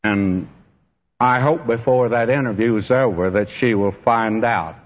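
A man's voice: medium pitch, unhurried. A man preaching a sermon in a church, earnest and speaking straight to his listeners. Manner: earnest, addresses listeners directly as friend and beloved. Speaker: pastor. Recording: dull, echoey church hall recording.

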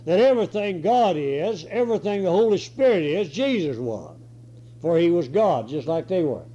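A man preaching a sermon and reading scripture, hoarse with a cold and clearing his throat now and then. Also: sits high, animated, normal speed, mellow. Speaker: pastor. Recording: dull lo-fi recording.

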